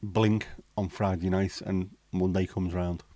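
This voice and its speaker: Middle-aged man, casual livestream chat, blunt and sweary, deep-ish voice. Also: level tone, unhurried, mellow, no room sound. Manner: chatty, blunt, swears freely. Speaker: livestream host. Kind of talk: casual chat reading out viewer comments.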